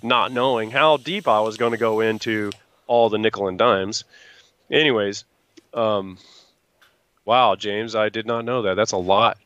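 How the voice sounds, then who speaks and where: His pitch is fairly low and his intonation fairly even, with a moderate pace and fairly bright tone in a dry recording. He's a guest truck builder in casual chat, rambling through tales and acting out people's words.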